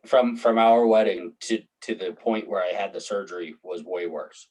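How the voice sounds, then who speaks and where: A man's voice: fairly low pitch, normal speed, a little mellow, slightly rough, rough recording. A man, chatting casually on a podcast, laid-back and swearing, with frequent laughs. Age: 30s. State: recovering from hip surgery. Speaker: podcast co-host. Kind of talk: casual chat.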